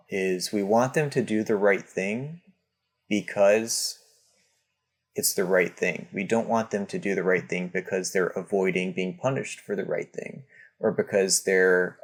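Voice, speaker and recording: A man speaking as a guest in an interview, explaining his ideas patiently with many restarts and acted-out examples. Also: low voice. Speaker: parenting guest. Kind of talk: conversational interview.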